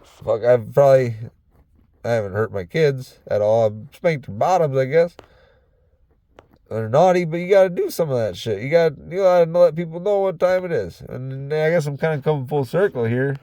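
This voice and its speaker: A man's voice: fairly high pitch, animated, normal speed, warm tone, no echo. Man with a half-faked Southern drawl, swearing. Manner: heavy swearing, loose and rambling. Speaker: vlogger. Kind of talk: casual rambling monologue. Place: inside his truck.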